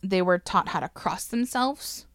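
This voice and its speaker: A woman's voice: mid-range voice, animated, a little slow, no echo, clean studio sound. A woman casually telling a history story to a co-host, swearing freely, laughing and getting emotional.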